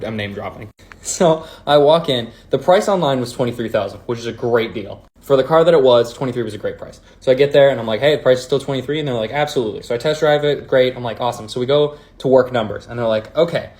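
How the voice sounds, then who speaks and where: A man casually telling a story about a car-buying ordeal, animated and incredulous. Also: medium pitch, quick pace. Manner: animated, incredulous retelling with laughs.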